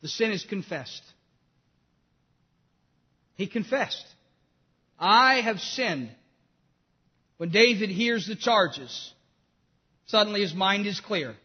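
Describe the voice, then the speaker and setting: Male pastor, very high voice, impassioned sermon, echoing hall. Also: slow, pauses often, husky, lo-fi sound. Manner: impassioned preaching, swinging from loud to hushed.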